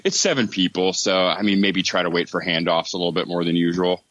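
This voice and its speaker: A man's voice: deep voice, fast, a bit bright, no echo. A man co-hosting a casual group podcast, laid-back and wry. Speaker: podcast co-host. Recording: dull, lo-fi mic.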